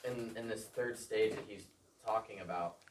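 A man in a class reading scripture aloud and then explaining it haltingly, with many fillers. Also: fairly low pitch. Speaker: class participant. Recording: roomy, distant mic, faint noise.

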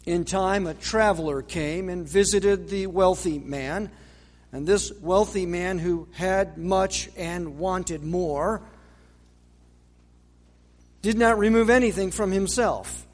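Slow, measured high-voiced male preacher. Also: a little mellow. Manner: measured, dramatic pauses, rhetorical questions. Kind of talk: sermon. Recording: long reverb of a large hall.

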